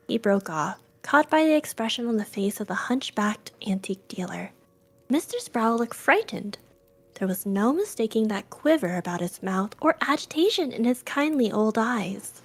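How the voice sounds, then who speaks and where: A woman reading a spooky story aloud, narrating in a soft, often whispery voice. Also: fairly high pitch, big pitch swings, normal speed, husky.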